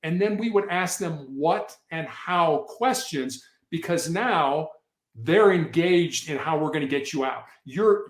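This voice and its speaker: A man tells stories from his old work on a podcast, earnest and explanatory, often restarting his sentences. His voice sits fairly high. The room around him rings with a noticeable echo. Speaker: podcast guest, former hostage negotiator. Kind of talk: casual interview storytelling. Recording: echoey room.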